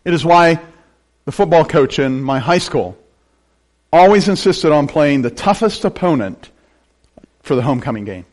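An older man from western Pennsylvania, preaching a sermon with animated delivery and joking asides. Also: on the high side, normal speed, long pauses. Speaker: pastor.

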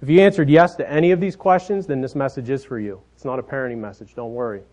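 A man in his thirties preaching a sermon, telling family stories in a folksy way, often dropping softer at the ends of his phrases. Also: mid-range voice, quick pace. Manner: folksy storytelling, trailing off softly at phrase ends. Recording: dull lo-fi sound.

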